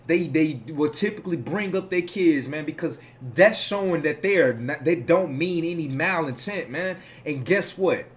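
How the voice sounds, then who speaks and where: A man giving casual reaction commentary, rambling, profane and preachy as he lectures his audience. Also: a little high.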